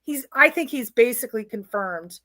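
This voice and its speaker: A woman co-hosts a casual chat, eager and analytical, and acts out the quotes she repeats. Her voice is high and bright, recorded dry and close. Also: expressive, normal speed, no room sound. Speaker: co-host.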